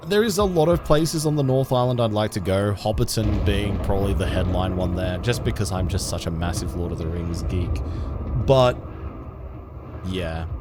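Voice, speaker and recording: A young man livestreaming a game, chatting casually and self-deprecatingly with viewers, often restarting his sentences. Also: fairly low pitch. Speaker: game streamer.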